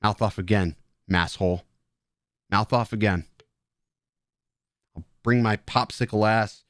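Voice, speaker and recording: A man's voice: lowish voice, a little slow, dry recording, studio quality. A man hosting a casual live stream, joking and swearing at his chat while drinking beer. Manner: rambling, joking, profane banter with chat.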